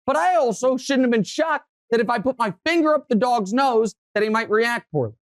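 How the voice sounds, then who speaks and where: A man hosting a sports talk show, telling stories in a casual, animated way, his voice climbing when he gets worked up. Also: very high-pitched, brisk, no room sound. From Kansas City area, USA.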